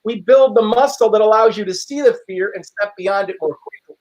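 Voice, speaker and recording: Measured, reflective man explaining calmly. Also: high-pitched, poor audio. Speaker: life coach guest. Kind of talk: casual conversation. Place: at a lunch table.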